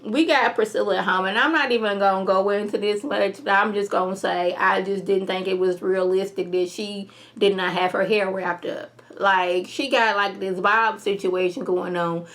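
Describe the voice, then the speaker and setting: A woman giving a casual vlog review of a TV episode, retelling scenes in an animated, emphatic way. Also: normal speed, hardly any pauses. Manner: animated, emphatic storytelling with rising pitch on key points.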